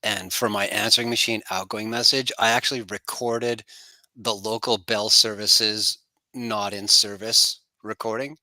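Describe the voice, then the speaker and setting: A man's voice: lowish voice, steady tone, unhurried, sharp tone, no echo, rough recording. A man in a casual online chat telling a wry story with some swearing.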